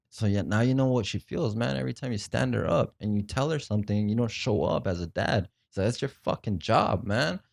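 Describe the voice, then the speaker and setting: A man's voice: on the low side, mellow, no echo, studio quality. A young adult man casually telling a raw, emotional story, full of fillers and swearing. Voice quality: profane, slangy speech. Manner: rambling, emotional retelling with frequent fillers. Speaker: podcast guest.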